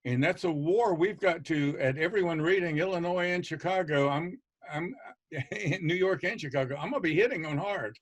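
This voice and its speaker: A man's voice: on the high side, moderate pace. A man speaking on an educators' panel, emphatic and blunt, repeating points for stress. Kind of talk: passionate panel discussion.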